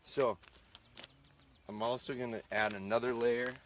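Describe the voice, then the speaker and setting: A man with a medium-pitched, fairly even voice talks at a measured pace while livestreaming from a rural farm. As a dog trainer, he chats with viewers and issues brief, firm commands to his dogs, with a phone or tripod-mounted camera capturing the noisy outdoor sound.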